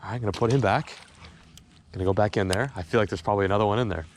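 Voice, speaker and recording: A young man filming a fishing vlog on a riverbank, talking excitedly and stammering when a fish bites. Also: fairly low pitch, rapid-fire. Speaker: fishing vlogger. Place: outdoors on a river bank.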